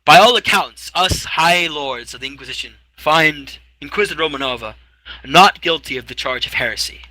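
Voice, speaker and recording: A man's voice: on the high side, expressive, moderate pace, sharp tone, no echo, pitched above the performer's own voice, low-quality recording. A man voicing a stern male Inquisitor Lord who judges in a formal, imperious way.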